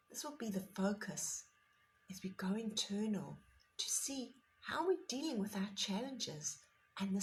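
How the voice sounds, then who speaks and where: A woman leads a morning meditation at an easy, gentle pace, her voice in a middle register. She sometimes sinks into a soft whisper. A faint hiss sits under her words. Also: medium pitch, poor audio. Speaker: meditation teacher. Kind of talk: guided meditation talk.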